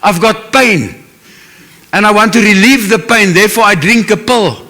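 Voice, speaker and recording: A man's voice: high-pitched, moderate pace, pushed and bright. A man with a South African English accent preaching a sermon as pastor, earnest and emotional, with Afrikaans phrases mixed in.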